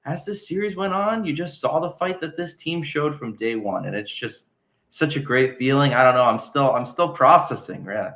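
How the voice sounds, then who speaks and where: A man speaking as a guest on a live fan show, halting and full of fillers. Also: mid-range voice, animated, a bit bright. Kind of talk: casual live show talk.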